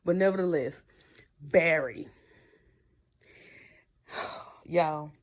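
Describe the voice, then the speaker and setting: A woman's voice: low voice, extremely slow, muffled recording. A woman recapping a TV episode in casual chat, blunt and slangy, talking straight to her viewers. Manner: blunt, slangy and animated, talks to viewers directly. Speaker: TV episode reviewer.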